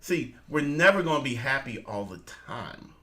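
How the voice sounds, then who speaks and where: A man's voice: mid-range voice, sing-song, moderate pace, bright, forceful tone. A man co-hosting a casual morning show, upbeat, laughing often and calling his listeners family. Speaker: co-host.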